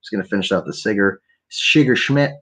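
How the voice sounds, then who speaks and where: A brisk Canadian man with a low, slightly rough and a bit bright voice hosts a solo podcast on his laptop at home late at night. Stoned and swearing constantly, he rants and wanders off topic, keeping quiet for the neighbors.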